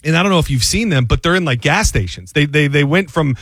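A man with a fairly high voice co-hosts a podcast, rambling through food talk and news with plenty of "uh" and "like." The recording is dry and close, with no room sound around him. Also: expressive, fast talker, fairly bright tone, slightly rough, no room sound. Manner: rambling, filler-heavy, laughs easily. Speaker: podcast co-host. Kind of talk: casual chat and reading news.

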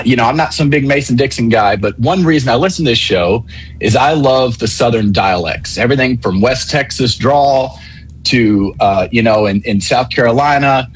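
A male caller explaining his points in a measured, polite way on a call-in radio show. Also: medium pitch, slightly rough, rough recording.

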